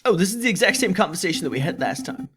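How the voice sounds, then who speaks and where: A man's voice: high-pitched, racing. A man casually commenting on a game and reading the hero's lines aloud. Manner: animated, chatty, reads lines aloud. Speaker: let's play host.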